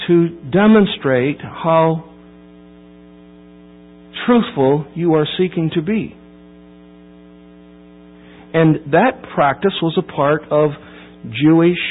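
A man preaching a sermon verse by verse, emphatic and building to loud peaks before dropping low. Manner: emphatic, rising to near-shouting at key points. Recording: tinny phone-like line with mains hum.

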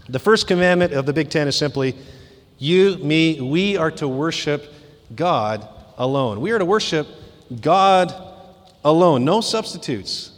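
Preaching man in a reverberant hall. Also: on the high side. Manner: emphatic, rising on key points, asides to the congregation. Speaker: pastor. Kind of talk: sermon.

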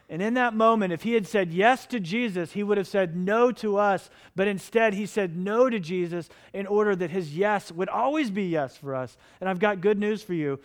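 A middle-aged man preaching a sermon as pastor, impassioned and pleading with his listeners. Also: sits high.

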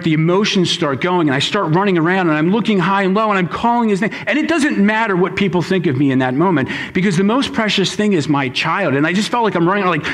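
A man in his thirties, a pastor preaching a sermon who tells personal stories in a lively, quick way. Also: on the high side. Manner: lively storytelling, quick asides.

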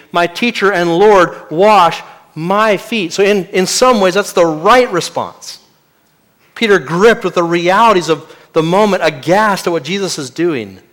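A man preaching an expository sermon, his voice sitting somewhat high for a man. He often sinks into a hushed, emphatic delivery on key phrases. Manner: expository preaching, drops to quiet emphatic lines. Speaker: pastor.

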